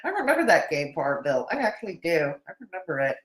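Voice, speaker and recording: Her voice sits low, but its pitch swings widely, and she talks fast. She's streaming live from a roomy, echoey space, reacting to a video with sarcastic commentary, laughing a lot and chatting with viewers.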